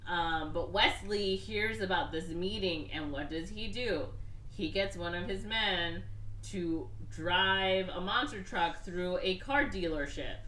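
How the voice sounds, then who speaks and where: A woman's voice: fairly low pitch, slow pace, sharp tone, echoey room, recorded from a distance, slight background noise. A woman co-hosting a podcast, casually rambling through a movie plot and voicing the characters. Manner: rambling movie recap with voiced quotes. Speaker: podcast co-host. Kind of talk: casual chat.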